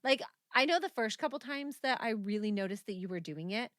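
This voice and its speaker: Animated swearing woman podcaster. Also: on the high side, fairly quick, no echo, studio quality. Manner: animated, swears often, laughs while telling stories. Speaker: podcast co-host. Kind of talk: casual chat.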